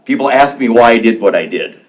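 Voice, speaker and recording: This public commenter, a veteran who owns a business, gets emotional and defensive at a county board meeting, with frequent repetitions and restarts. He talks a little fast in an animated, medium-pitched voice.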